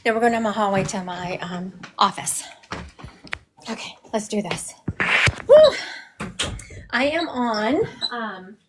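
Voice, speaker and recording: A woman's voice: medium pitch, slow, pauses often, noisy background. A middle-aged woman who works as a psychic medium, rambling chattily on a livestream from her home through a phone she carries around.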